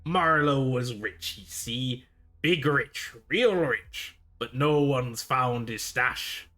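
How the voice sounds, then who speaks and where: A man reading game dialogue aloud in character, voicing a shifty, boastful male space pirate marooned on a planet, with a gruff, wheedling, folksy way of talking. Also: mid-range voice, takes it slowly, bright, forceful tone, pitched above the performer's own voice. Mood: nostalgic.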